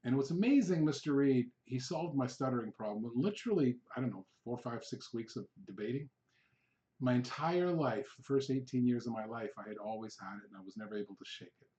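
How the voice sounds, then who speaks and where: A middle-aged man giving a sales training talk, telling stories with animated delivery and acting out his past outbursts. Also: mid-range voice, fairly quick, highs cut off. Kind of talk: training video monologue.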